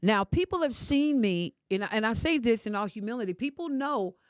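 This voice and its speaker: A woman's voice: a little high, animated, fairly quick, no echo. Older woman, podcast guest, emphatic storyteller, dry studio sound. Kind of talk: emotional casual conversation.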